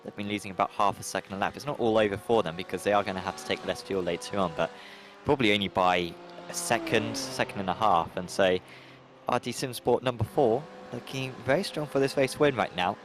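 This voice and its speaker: A man's voice: fairly low pitch, fairly quick, background noise. A man commentating on a sim race, talking in a rambling, hesitant way with lots of fillers and restarts.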